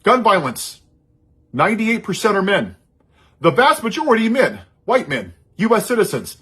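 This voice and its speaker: A man's voice: sits high, huge pitch swings, normal speed, sharp tone, breathy edge. A man giving an impassioned, sarcastic political monologue. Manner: sarcastic, heated, mocking asides. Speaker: social media commentator.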